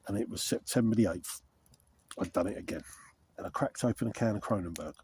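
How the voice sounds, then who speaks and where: Out in a frosty wood, a middle-aged man who makes wild camping vlogs chats casually and meanders on camera. He speaks briskly in a fairly low, darkish voice, and there's a faint hiss or hum behind him.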